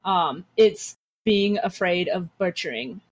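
A woman's voice: lowish voice, expressive, takes it slowly. A woman in casual chat as a game player, hesitant, often trailing off and restarting. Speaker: tabletop game player and co-host.

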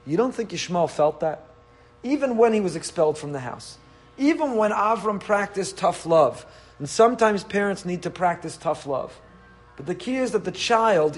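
Man, high voice, animated Torah lecture, rhetorical questions. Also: moderate pace, slightly rough, soft background music. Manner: animated, rhetorical questions, mixes Hebrew and Yiddish terms. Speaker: rabbi teaching the weekly Torah portion.

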